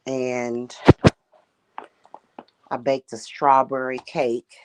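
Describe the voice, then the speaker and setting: A woman who is a high priestess and spiritual reader, talking in a casual livestream monologue in a deliberate, emphatic and blunt manner. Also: level tone, heavy background noise. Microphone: streaming setup.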